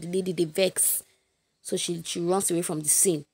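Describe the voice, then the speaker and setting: In an informal, chatty lesson summary, a young literature teacher with a Nigerian accent speaks directly to her audience with animation. Her voice is on the low side at a moderate pace, with slight background noise.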